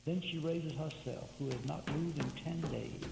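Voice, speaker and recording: A performer putting on a solemn, gravelly voice to read a sad passage in a comedy audio drama. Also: medium pitch, moderate pace, voice pushed down, rough recording. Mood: somber.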